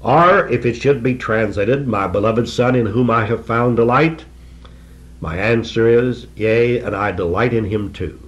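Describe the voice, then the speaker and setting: An older man preaching a sermon in an earnest, emphatic way, repeating key phrases and slowing down to stress them. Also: medium pitch, highs cut off.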